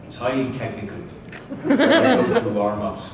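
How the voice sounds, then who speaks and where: A man telling a profane comic story to a convention audience, animated and swearing freely while mimicking others. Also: medium pitch, measured pace. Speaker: convention panel guest. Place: large convention hall. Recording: echoey hall, distant mic, loud noise.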